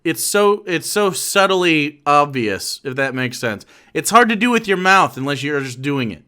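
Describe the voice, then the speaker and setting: A man's voice: a little high, lively intonation, moderate pace, sharp tone. A man from Michigan reacting to a speech clip on a stream, with jokey, rambling asides. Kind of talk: casual reaction commentary.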